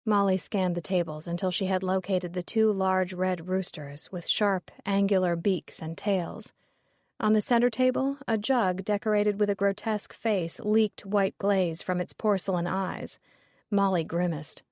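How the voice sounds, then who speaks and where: A woman reading a story aloud as narrator in steady, measured narration. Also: medium pitch, no room sound, clean studio sound. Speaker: audiobook narrator. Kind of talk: scripted narration.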